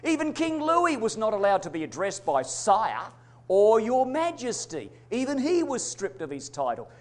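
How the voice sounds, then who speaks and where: Preaching to the congregation as brothers and sisters, a man swings between loud declarations and hushed asides in an emphatic sermon. His voice sits high and has a brisk, sing-song quality.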